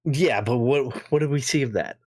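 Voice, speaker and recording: A man's voice: mid-range voice, moderate pace, darkish tone, breathy edge, dry recording, clean studio sound. A man ranting on a gaming podcast, exasperated and profane, often repeating himself. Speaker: podcast co-host. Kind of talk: heated podcast rant.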